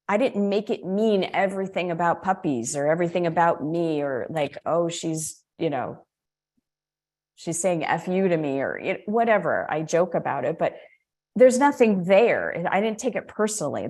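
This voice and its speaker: A woman's voice: on the low side, a little mellow. A middle-aged woman giving a spiritual coaching talk in a conversational way, with asides and self-corrections. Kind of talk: teaching talk on spiritual laws.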